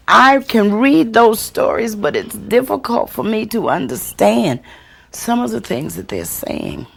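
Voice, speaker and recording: A woman storyteller teaching a workshop and answering audience questions, expressive and deliberate, acting out the voices she quotes. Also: medium pitch, creaky. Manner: slow, deliberate delivery with chuckles.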